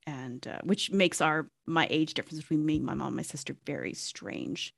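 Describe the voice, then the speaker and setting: A woman's voice: low-pitched, moderate pace, vocal fry, no echo, studio quality. A woman in her thirties co-hosting a podcast, talking in a rambling casual way with lots of fillers. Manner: rambling, many fillers and restarts. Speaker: podcast co-host. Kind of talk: casual chat.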